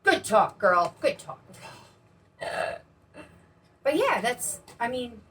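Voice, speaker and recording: A woman's voice: on the high side, big pitch swings, takes it slowly, a bit bright. Chatty bubbly woman co-hosting a painting demo. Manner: chatty, bubbly, rambling with restarts. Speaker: co-host of a painting channel. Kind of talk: casual chat while demonstrating paint pouring. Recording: distant mic with faint background noise.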